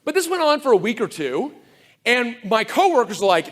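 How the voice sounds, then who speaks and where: A man giving a conference talk to a live audience, sardonic and animated, full of fast asides and mock quotes. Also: high voice. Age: older. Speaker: conference speaker.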